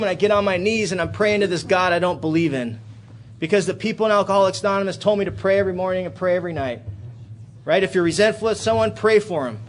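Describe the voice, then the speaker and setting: An AA speaker shares his recovery story at a convention held in a hotel room, with slight background noise. He swears freely and narrates dramatically, swinging between loud, excited outbursts and low, quiet stretches.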